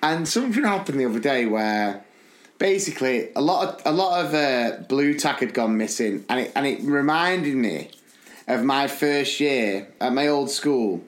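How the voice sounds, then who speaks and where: A man, one of the podcast's hosts, telling a school story in a lively, animated way and acting out the people in it. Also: mid-range voice, moderate pace, echoey room. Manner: animated, acts out the people in his stories. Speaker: podcast co-host. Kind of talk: casual storytelling chat.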